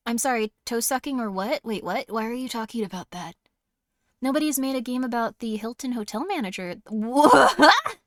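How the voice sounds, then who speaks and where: A woman's voice: fairly high pitch, fairly quick, dry recording, studio quality. Bubbly, giggly young woman streamer. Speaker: horror game streamer. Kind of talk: casual live-stream chat.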